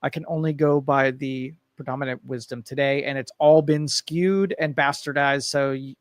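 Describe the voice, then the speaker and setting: A man's voice: mid-range voice, fairly even intonation, normal speed, no echo. A man co-hosting a live local talk show, ranting in an exasperated, sarcastic way. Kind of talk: casual talk show discussion.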